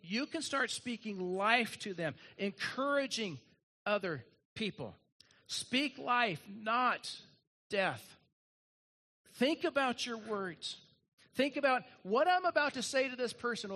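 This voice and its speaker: Bright high-voiced male preacher. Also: lively intonation, measured pace. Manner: earnest, repetitive preaching with emphatic refrains. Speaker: pastor. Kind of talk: sermon.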